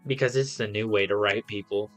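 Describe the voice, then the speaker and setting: Over soft background music, a man with a lowish voice reviews comics on a livestream, speaking a little fast in a steady tone. He rambles through plot recaps packed with fillers and hands out blunt, scornful verdicts.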